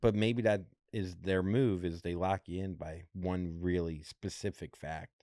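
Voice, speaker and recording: A man's voice: deep voice, unhurried, no echo, studio quality. A man co-hosting a podcast, telling a story in a casual, jokey way and acting out what people said. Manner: animated, jokey, acts out quotes in other voices. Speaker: podcast co-host.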